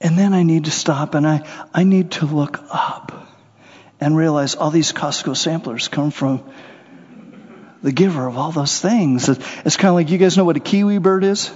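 A man preaching a sermon, animated, acting out little scenes and voices as he goes. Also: on the high side, moderate pace, husky. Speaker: pastor. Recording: muffled sound with long hall reverb.

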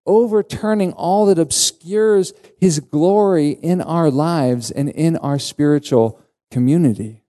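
A male pastor delivering an earnest sermon with emphatic rises in pitch. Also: takes it slowly, mellow.

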